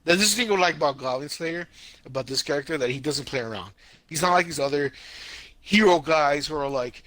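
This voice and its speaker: A male podcast co-host in easygoing chat, retelling scenes with lively energy, slang and sound effects. His voice sits fairly high and bright, recorded close and dry with no room sound. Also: a little fast, dry recording. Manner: animated, storytelling with sound effects and wrestling slang. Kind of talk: casual chat.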